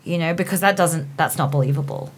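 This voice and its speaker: A woman's voice: deep voice, fast talker. A woman speaking on a panel, thinking aloud and searching for words as she goes. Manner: thoughtful, searching for words with fillers. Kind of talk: casual panel chat.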